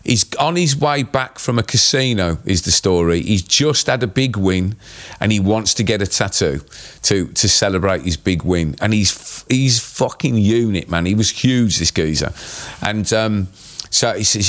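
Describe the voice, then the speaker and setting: A man's voice: fairly low pitch, normal speed. A man, a tattoo artist telling anecdotes in a casual podcast chat, rambling with many fillers.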